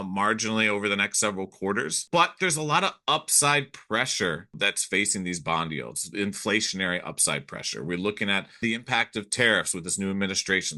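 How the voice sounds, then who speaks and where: A man, an economist and speaker, giving a scripted business briefing, measured and putting emphasis on key phrases. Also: fairly low pitch, sharp tone.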